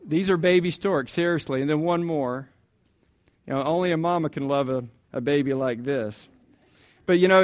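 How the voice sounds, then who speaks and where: Male pastor, slightly high voice, conversational sermon, asks questions, repeats key lines.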